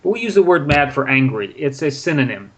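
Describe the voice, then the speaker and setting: A man's voice: medium pitch, big pitch swings, brisk. A man patiently explaining English grammar with example sentences in a casual spoken lesson. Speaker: English teacher. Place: in Prague.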